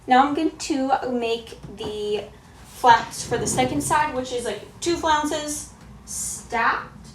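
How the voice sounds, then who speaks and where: A young woman from Canada talks through her sewing project in a loose, chatty way, narrating each step to her viewers. Her voice sits a little high, and a faint hum of room noise stays behind her. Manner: chatty, self-talking while working, quick exclamations. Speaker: sewing vlogger. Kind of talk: casual sew-along chat.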